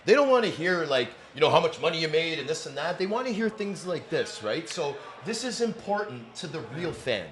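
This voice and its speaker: A man's voice: fairly high pitch, big pitch swings, a little fast, hardly any pauses, fairly bright tone, slight background noise. A man from Canada hosting a podcast, talking in an enthusiastic, emphatic way in a studio inside a sports bar. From Toronto, Canada. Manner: enthusiastic, emphatic, repeats for stress. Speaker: podcast host. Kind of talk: casual interview chat.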